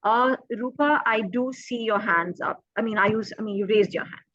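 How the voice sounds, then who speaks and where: A woman's voice: fairly high pitch, normal speed, fairly bright tone, dry recording, lo-fi sound. A woman child psychologist giving earnest, emphatic advice in a panel talk, repeating her key points.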